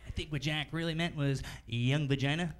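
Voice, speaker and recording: A man's voice: a little high, fairly quick, background noise. A young adult man performing stand-up comedy on a club stage with a handheld mic, acting out characters and swearing. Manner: energetic, acts out characters, swears. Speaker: stand-up comedian and show host. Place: comedy club stage before a live audience.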